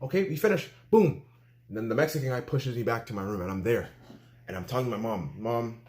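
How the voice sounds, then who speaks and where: A young man tells a storytime vlog in an excitable, slangy way, repeating filler phrases and acting out the dialogue he quotes. His voice is mid-range and he talks fairly quickly.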